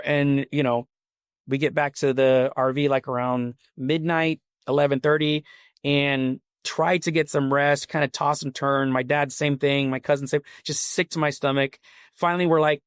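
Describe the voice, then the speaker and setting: A man's voice: medium pitch, little pitch movement, normal speed, clear, resonant tone, dry recording, studio quality. A man, a podcast guest, telling a long personal story in a casual, rambling and earnest way. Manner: rambling, earnest, full of "like" and "you know". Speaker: podcast guest, company CEO.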